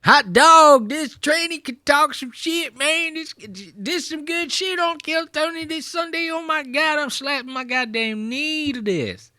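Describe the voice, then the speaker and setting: A man's voice: extremely high pitch, a little slow, hardly any pauses, sharp tone, dry recording, studio quality, voice pushed up, exaggerated voice. A man putting on a rowdy Texan crowd member with an exaggerated Texan drawl, hollering his approval. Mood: whooping. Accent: put-on Texan.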